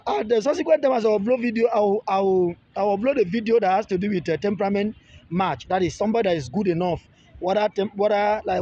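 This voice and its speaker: A man's voice: sits high, warm tone, husky. A man, teaching in a casual monologue, often repeating and restarting phrases and pleading with viewers. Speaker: relationship video creator. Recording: dull lo-fi audio.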